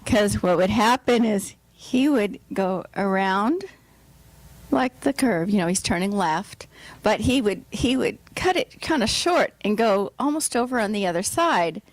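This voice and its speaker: A woman pastor telling a story in a sermon, animated and acting out her own lines. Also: mid-range voice, a little slow, no room sound, rough recording.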